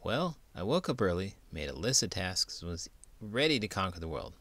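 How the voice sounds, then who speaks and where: A man, an elementary school teacher, reading a children's book aloud in an animated, playful way. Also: sits low, normal speed, no room sound.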